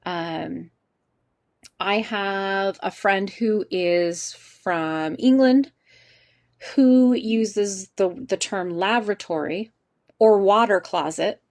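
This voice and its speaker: A chatty woman teaches an online English class over a video call mic. She laughs easily and keeps asking her students questions. Her voice sits at an ordinary middle pitch. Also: drawn-out words, darkish tone.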